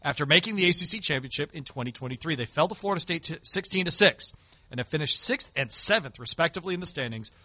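Fast-talking, bright-voiced sports radio host, lively and emphatic, dry studio sound. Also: male voice, on the high side, no room sound. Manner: animated, emphatic. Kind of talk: sports talk banter.

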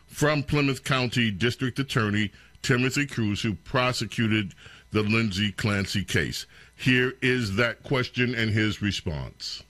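Radio host dude, bright tone, mocking and worked up. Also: male voice, medium pitch, no room sound. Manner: sarcastic, animated, incredulous. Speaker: radio talk show host. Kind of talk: talk radio commentary.

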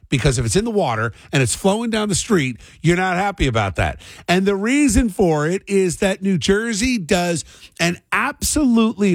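Animated, rambling radio host man. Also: a little high, no echo. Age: middle-aged. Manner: rambling, animated storyteller who rants. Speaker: radio talk show host. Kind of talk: morning radio banter and commentary.

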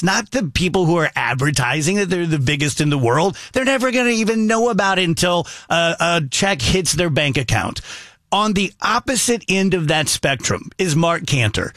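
Animated man telling a story, slightly high voice. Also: no room sound, studio quality. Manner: animated, acts out both sides of a phone call. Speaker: radio show host. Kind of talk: casual storytelling chat.

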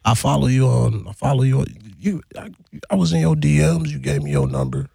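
A man putting on a lower voice to play a smooth-talking young caller who speaks in casual slang and fumbles his excuses. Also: big pitch swings, brisk, mellow, dry recording, clean studio sound, heavily acted. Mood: bluffing.

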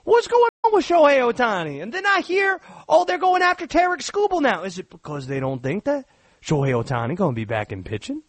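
A man voicing an excitable, conspiracy-minded Cajun sports fan with a Cajun accent, rambling hot takes. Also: brisk, no echo, full character voice. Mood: suspicious. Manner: loud, high-pitched, rambling hot takes. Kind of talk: sports radio bit.

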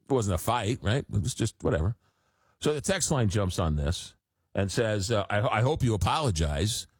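A man hosting a call-in radio talk show, talking in an animated, exasperated way with frequent restarts. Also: a little high, dry recording, studio quality.

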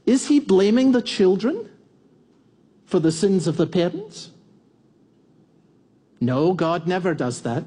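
A man's voice: high-pitched, expressive, takes it slowly, pauses often, dark tone, husky. A man in his fifties preaching a sermon to a congregation, teaching verse by verse and asking for shows of hands. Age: 50s. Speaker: pastor. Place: church before a congregation.

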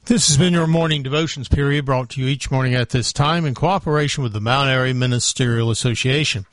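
A man reading scripted radio station announcements in a formal, measured way. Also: medium pitch, fairly bright tone, dry recording.

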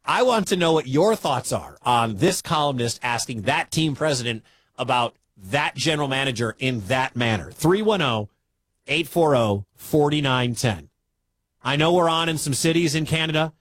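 A man's voice: medium pitch, expressive, moderate pace, fairly bright tone, no echo. A man from the Midwestern US hosting a sports talk radio show, chatty and incredulous.

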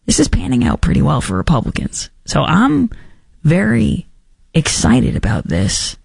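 A woman's voice: sits low, huge pitch swings, measured pace, creaky, a little mellow, slightly rough, no echo, studio quality. A woman hosting a political talk show, giving opinionated commentary with sarcastic asides and mocking put-on quotes. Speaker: podcast host.

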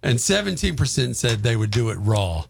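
A man's voice: mid-range voice, big pitch swings, moderate pace, gravelly, slightly rough, no room sound. A man co-hosting a radio show, reading out survey results and breaking into laughter. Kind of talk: casual news-item chat.

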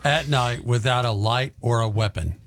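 A man's voice: mid-range voice, normal speed, heavy background noise. A man hosting a radio show in casual chat, playful and laughing often.

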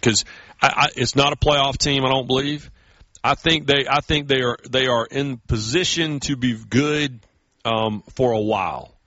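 A man's voice: mid-range voice, unhurried, no room sound. Chatty storytelling man, dull dry sound. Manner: storytelling, animated quoted voices. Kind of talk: casual chat.

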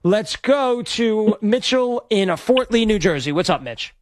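A man's voice: high-pitched, animated, a little slow. A man hosting sports talk radio, brash and rambling as he plugs an event and takes calls. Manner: brash, rambling, self-promoting. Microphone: studio microphone.

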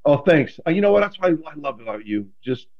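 A man, a guest in a casual interview, telling stories in an animated, self-deprecating way with many restarts. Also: fairly high pitch, quick pace, lo-fi sound. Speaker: guest, former quarterback.

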